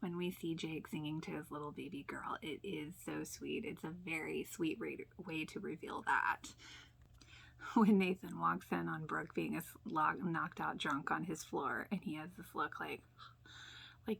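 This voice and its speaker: A woman hosting a casual TV rewatch reaction, chatty and full of fillers, often sinking into soft near-whispers and laughing often. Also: deep voice, steady tone, moderate pace, vocal fry, breathy edge. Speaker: YouTube reaction host.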